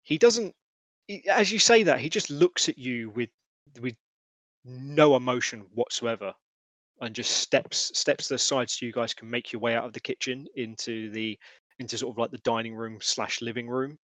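A man narrating as game master, halting with many fillers. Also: medium pitch, a bit bright, dry recording. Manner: hesitant, filler-heavy narration.

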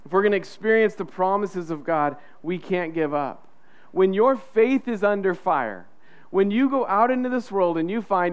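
A man preaching from the pulpit with a high, bright voice. His tone is smooth and clear. He talks to the congregation in a chatty way and slips into quoted voices to act out what people think. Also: expressive, moderate pace. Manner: conversational, acts out quoted inner voices. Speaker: pastor. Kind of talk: sermon.

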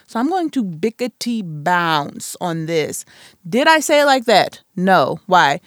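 A woman's voice: fairly low pitch, big pitch swings, a little slow, dry recording, studio quality. A woman in her twenties hosting a solo podcast, chatting casually and playfully with self-mocking asides. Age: 20s. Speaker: podcast host.

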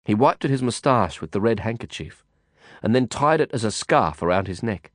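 A man reading a novel aloud in first person, measured and reflective. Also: fairly low pitch, animated, no room sound, clean studio sound. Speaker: audiobook narrator. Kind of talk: first-person audiobook narration.

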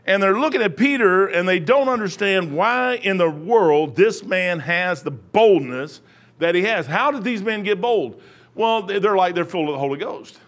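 A man's voice: high voice, expressive, moderate pace, fairly bright tone. A middle-aged man preaching a sermon, rambling into joking personal asides.

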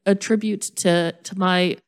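A woman's voice: lowish voice, steady tone, unhurried. Woman telling a self-mocking story. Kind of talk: casual storytelling chat.

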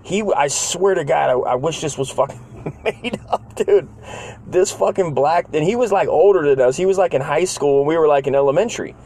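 A man in his forties telling a childhood story in casual, profanity-laden talk. He rambles, uses a lot of slang, and jumps up into higher voices when he quotes people. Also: normal speed, a little mellow.

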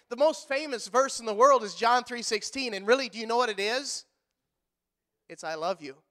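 Preaching animatedly in church, a man with a high-sitting voice jokes with the congregation and voices the people he quotes in character.

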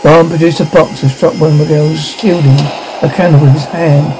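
A man narrating a story aloud in a steady reading manner, with small slips. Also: on the high side, moderate pace, over music, rough recording.

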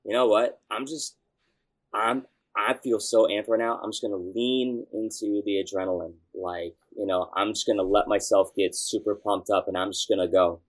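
Telling a story in a relaxed interview, this young youth pastor gets excitable and animated, sometimes breaking into shouts. He speaks at a normal speed with a fairly low pitch.

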